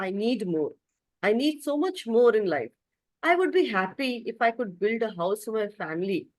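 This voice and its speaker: A woman's voice: on the high side, lively intonation, moderate pace, no room sound, close to an everyday voice. A woman telling a story, voicing a restless, discontented man who keeps asking for more. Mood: wanting. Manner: pleading and discontented. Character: restless man, never satisfied, grows from boy to old age.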